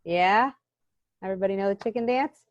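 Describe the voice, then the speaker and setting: A woman's voice: mid-range voice, a little fast, no room sound, lo-fi sound. A woman teaching children in a live online class, cheerful and encouraging, speaking straight to the kids. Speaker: EFT tapping instructor for children. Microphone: video call.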